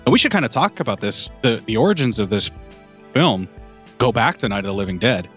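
A man's voice: mid-range voice, expressive, brisk, fairly bright tone, highs cut off, soft background music. A man chatting casually about an old horror film, talkative and loose, filling his sentences with "like" and "you know". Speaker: film podcast co-host.

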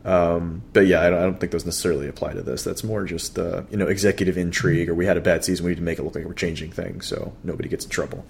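A man co-hosting a podcast, talking baseball in a relaxed, chatty way with plenty of fillers and restarts. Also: low-pitched, rapid-fire, creaky, hardly any pauses, a little hiss or hum. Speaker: podcast co-host. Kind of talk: casual baseball chat.

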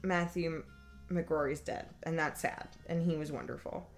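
A woman's voice: sits low, fairly even intonation, a little slow, faint music behind. A woman giving casual, blunt and sarcastic commentary while watching a movie. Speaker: podcast guest.

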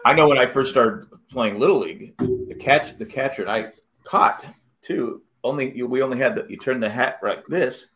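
A middle-aged man hosts a relaxed podcast chat at a mid-range pitch. He rambles through stories and acts out what other people said along the way. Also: moderate pace. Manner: rambling storyteller, acts out quotes. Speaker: podcast host. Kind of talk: casual chat.

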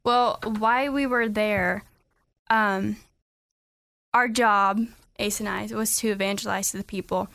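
A young adult woman speaking as a radio interview guest in an earnest, halting way with many ums, at a studio microphone. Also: mid-range voice, steady tone, vocal fry, a bit bright, no room sound. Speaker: guest, student back from a mission trip.

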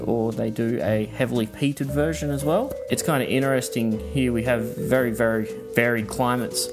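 Australian man, podcast guest, measured thoughtful delivery, mid-pitched voice, music bed underneath. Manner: measured, thoughtful, with frequent ums. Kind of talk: recorded answers to interview questions.

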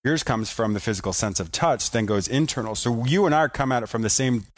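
A man hosting a conversation, explaining ideas in a measured, reflective way. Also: mid-range voice, no room sound. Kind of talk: conversational interview.

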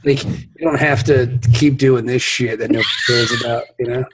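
A man's voice: mid-range voice, fairly even intonation, normal speed, background noise. A man hosting a podcast in casual, rambling, profane chat with his co-hosts. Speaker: podcast host.

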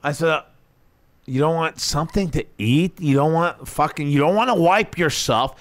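A man's voice: on the high side, moderate pace. A man co-hosting a podcast, telling a story in crude, profane casual chat. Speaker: podcast co-host.

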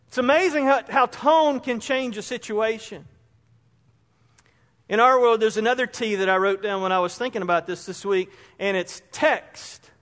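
A man's voice: high voice, a bit bright. A man preaching a conversational sermon as pastor, acting out everyday examples to make his points. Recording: long hall reverb.

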